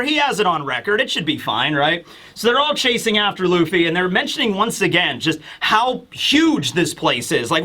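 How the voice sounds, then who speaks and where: A man's voice: high voice, sing-song, normal speed, bright, forceful tone. A man casually recapping a comic chapter in a rambling style, full of fillers and asides. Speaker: manga reviewer.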